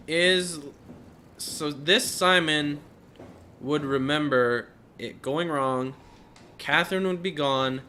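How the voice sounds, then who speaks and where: A young man giving let's play commentary, thinking aloud and getting emotional, sometimes breaking into high exclaims. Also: slow pace, background noise. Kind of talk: gameplay commentary.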